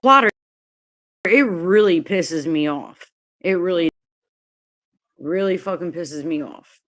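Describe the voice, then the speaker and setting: Slow and expressive, with a lowish, slightly bright voice and frequent pauses, a livestream host from New Jersey, USA, goes on an angry rant. She swears and keeps repeating herself.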